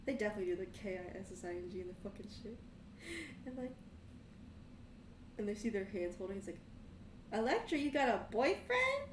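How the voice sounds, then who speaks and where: A woman's voice: medium pitch, quick pace, long pauses, distant mic, background noise. A woman running a tabletop game as game master, narrating in a giggly, rambling way. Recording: echoey room, away from the mic.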